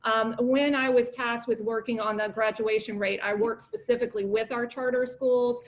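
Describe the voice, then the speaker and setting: A middle-aged woman and former school administrator, answering as a candidate at a forum in a confident, measured way. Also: a little high, fairly even intonation.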